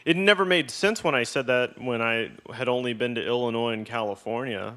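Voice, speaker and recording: A man's voice: medium pitch, a little fast, pushed and bright. A man hosting a podcast in casual chat, rambling and wry with a lot of swearing. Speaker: podcast host.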